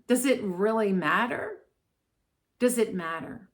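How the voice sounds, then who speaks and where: A woman's voice: on the low side, slow pace, a bit bright. A woman from Maryland, an astrologer, talking casually and digressively to camera with plenty of fillers. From Maryland, USA. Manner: chatty, digressive, many fillers. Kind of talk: casual talking-head commentary.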